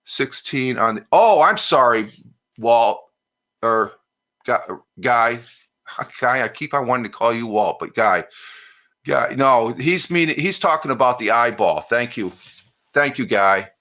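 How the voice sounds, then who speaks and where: A man's voice: medium pitch, lively intonation, measured pace, pushed and bright. An American man hosting a live stream, chatting casually, rambling and restarting as he reads out viewer comments. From United States.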